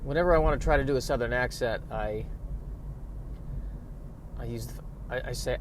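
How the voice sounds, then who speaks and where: A man's voice: medium pitch, moderate pace, long pauses. Man, podcast host, casual rambling monologue, self-mocking, faint vehicle hum behind. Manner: offhand, self-mocking, wandering.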